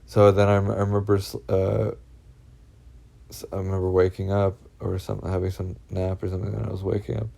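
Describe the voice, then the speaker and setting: Gravelly, dark-voiced man rambling uneasily. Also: low-pitched, little pitch movement. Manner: halting, full of fillers and restarts, heavy swearing; uneasy, anxious telling. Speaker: vlogger recounting personal experiences. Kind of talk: rambling first-person monologue.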